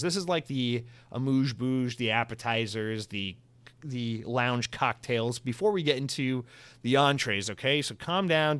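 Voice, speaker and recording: A man's voice: medium pitch, smooth, no echo. A young man hosting a solo podcast, talking casually in a sarcastic, rambling, self-mocking way. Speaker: podcast host.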